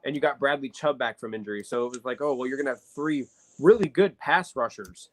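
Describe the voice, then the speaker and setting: A man's voice: medium pitch, brisk, low-quality recording. Chatty man breaking down football games. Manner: analytical, talks at length with many fillers. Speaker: podcast co-host. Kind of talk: casual sports chat.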